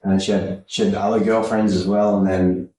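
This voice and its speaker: A man's voice: sits low, little pitch movement, normal speed, dark tone. A man in casual chat, talking bluntly and swearing freely as he tells family stories. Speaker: tattoo client. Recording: echoey room with faint noise.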